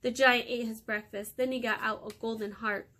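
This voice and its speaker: A woman hosting storytime for children, reading a fairy tale aloud in a lively, expressive way. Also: a little high, normal speed.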